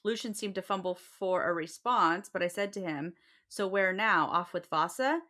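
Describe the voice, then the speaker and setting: A woman's voice: fairly low pitch, normal speed, bright, forceful tone. A woman co-hosting a book podcast, reading passages aloud with brief casual asides. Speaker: podcast co-host.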